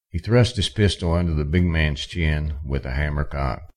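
Very deep-voiced male narrator. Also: moderate pace, a little mellow. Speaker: audiobook narrator. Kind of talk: scripted narration.

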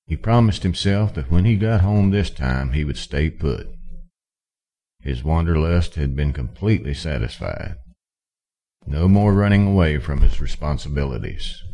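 A male audiobook narrator reads a western in a calm, even pace. His voice sits extremely low. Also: normal speed. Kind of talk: scripted narration.

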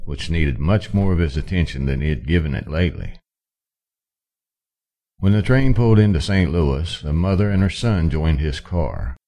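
A male audiobook narrator reads a western in a calm, even pace. His voice sits extremely low. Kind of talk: scripted narration.

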